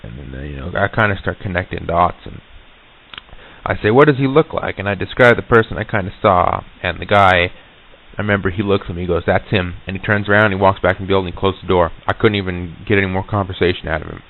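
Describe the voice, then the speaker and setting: A man recounting an eerie encounter in a halting, casual way, with many restarts and fillers. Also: sits low. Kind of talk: casual spoken recollection. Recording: tinny lo-fi old reel-to-reel tape.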